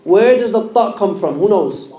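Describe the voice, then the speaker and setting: A man's voice: high-pitched, animated, moderate pace, warm tone. A man teaching Quran pronunciation in a mosque class, sounding out letters and quizzing his students with questions. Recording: echoey room.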